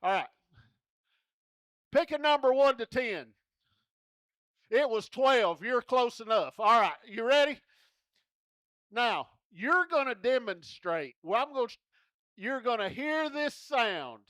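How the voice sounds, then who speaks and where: High-voiced rodeo entertainer. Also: male voice, expressive, takes it slowly, pauses often, fairly bright tone, dry recording, studio quality. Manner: folksy, joking, coaxing children. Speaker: rodeo entertainer running a kids' contest. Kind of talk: lively arena crowd-work. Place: rodeo arena.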